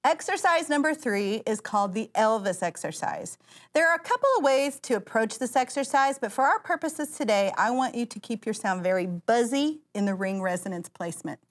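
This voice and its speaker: Her voice is a little high, with lively intonation and a brisk pace. She's a vocal coach leading singers through exercises in an upbeat, encouraging lesson, with loud piano playing in the background.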